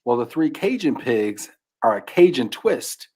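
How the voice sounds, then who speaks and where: A man's voice: medium pitch, a little slow, slightly rough. A man on a podcast, animatedly retelling a children's book, whose voice often drops to a mumble. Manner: animated storyteller, trails off into mumbles. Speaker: podcast guest. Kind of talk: casual chat.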